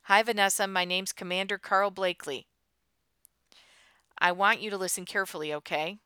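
Woman doing calm coast guard commander guy, steady and in charge, bright crisp voice. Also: mid-range voice, moderate pace, dry recording, clean studio sound, natural voice. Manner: calm, clipped, authoritative.

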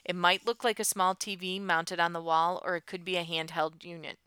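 A woman voicing a calm, authoritative male coast guard commander giving clipped instructions. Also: fairly low pitch, normal speed, clear, resonant tone, no echo, studio quality.

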